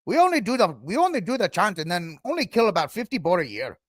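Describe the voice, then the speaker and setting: A man's voice: high voice, sing-song, quick pace, no room sound, studio quality, pitched above the performer's own voice. A man voicing a defensive male government official in an exaggerated put-on accent that drifts. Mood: protesting.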